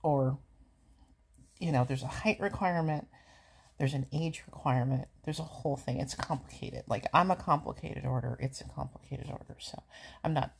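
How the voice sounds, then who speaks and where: Woman, forties, husky breathy voice, slightly low pitch, chatty and sarcastic, a bit winded, casual rambling. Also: darkish tone. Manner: chatty, sarcastic, easily amused. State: a little out of breath from walking. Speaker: vlogger reacting to a movie.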